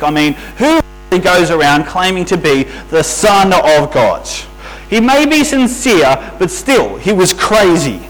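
Lively, high-voiced male preacher. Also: measured pace, soft background music, poor audio. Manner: conversational, asks the listeners rhetorical questions. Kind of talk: sermon. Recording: faint mains hum.

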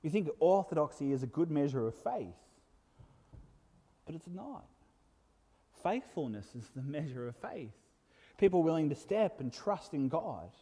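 A man preaching a sermon in an earnest way, building to emphatic peaks and dropping to soft asides. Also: a little high, very animated, unhurried, pauses often, slightly rough. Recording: long hall reverb.

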